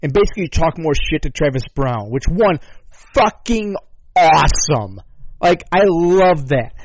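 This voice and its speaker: Sarcastic rambling man, lively swings. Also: a little high, measured pace, background noise. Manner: sarcastic, rambling, swears often. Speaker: podcast host. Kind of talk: casual profane commentary. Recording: dull lo-fi dry sound.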